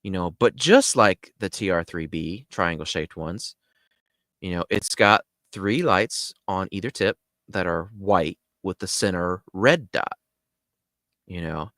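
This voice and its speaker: A man with a fairly low voice tells a story in an easygoing, animated way, peppering it with fillers. He sounds dry and close, with no room echo behind him. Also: slow pace. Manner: animated, lots of "you know" fillers. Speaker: host. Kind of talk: casual storytelling.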